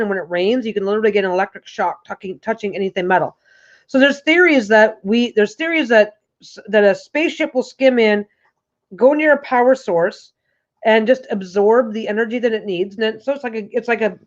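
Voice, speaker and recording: Woman host, casual livestream talk, a bit high-pitched, rambly with many restarts, dull lo-fi sound. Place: home, on a couch. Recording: dull lo-fi recording.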